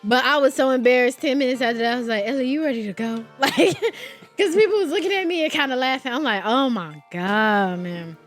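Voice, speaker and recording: A young woman in her twenties talks as a guest on a casual show, her voice sitting high. She tells stories in an animated way, laughing and swearing freely. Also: fast talker, soft background music. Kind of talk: casual chat.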